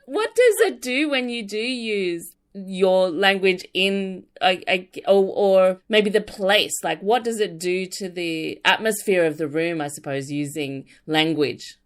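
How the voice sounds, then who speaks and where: Woman, interviewer, chatty, playful, mid-pitched. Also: unhurried, hardly any pauses. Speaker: radio host. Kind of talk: casual interview chat.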